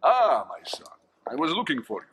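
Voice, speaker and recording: A dignified cardinal. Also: male voice, fairly high pitch, huge pitch swings, a bit bright, slightly rough, heavily acted. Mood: formal. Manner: measured, formal and courtly. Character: older male cardinal, dignified and discreet. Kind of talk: video game voice acting.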